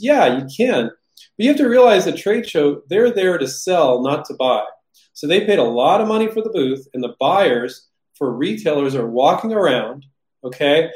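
A man hosting a casual live Q&A on product licensing, talking animatedly and acting out the people he describes in quick voices. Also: a little high, a little mellow. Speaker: host answering viewer questions. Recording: roomy echo.

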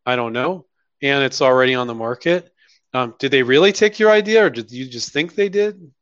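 A man's voice: mid-range voice, expressive, fairly quick, a bit bright, clear, resonant tone, no room sound, lo-fi sound. A man hosting a live question-and-answer session, talking bluntly and casually. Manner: blunt, mock-quoting others in put-on voices. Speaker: host answering viewer questions.

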